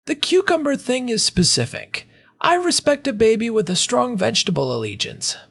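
Wry husky-voiced podcast co-host. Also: mid-range voice, big pitch swings, normal speed, a bit bright, no echo, studio quality. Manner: wry, joking asides. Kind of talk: casual podcast chat.

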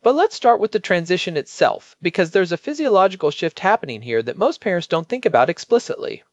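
A man co-hosting a podcast as a pediatric expert, explaining in a measured way and stressing key points. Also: high voice, big pitch swings, no echo, muffled recording.

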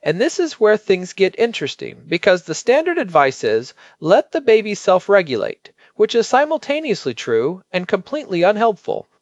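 A man co-hosting a podcast as a pediatric expert, explaining in a measured way and stressing key points. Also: high-pitched, huge pitch swings, no room sound, muffled recording.

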